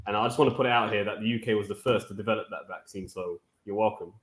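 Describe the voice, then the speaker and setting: A man's voice: on the low side, steady tone, fast talker, roomy sound. A man on a discussion panel, telling stories with animation and imitating other people's voices. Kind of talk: casual panel chat.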